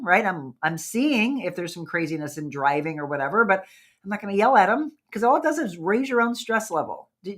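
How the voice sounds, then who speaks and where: A woman's voice: medium pitch, fairly bright tone. A woman hosting a wellness talk show, chatting casually and animatedly with her audience and asking them questions. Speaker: host.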